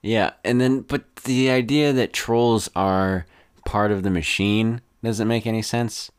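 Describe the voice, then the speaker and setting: Low, smooth-voiced young man chatting. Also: a little slow, no room sound, studio quality. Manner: rambling, self-deprecating, jokey quoted voices. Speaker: podcast co-host. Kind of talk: casual chat.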